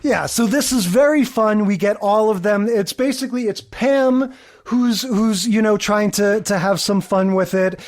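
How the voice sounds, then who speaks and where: A man's voice: sits high, a little slow, darkish tone. Chatty male podcast co-host recapping. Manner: chatty recapping, retells scenes with quoted lines. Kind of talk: casual chat.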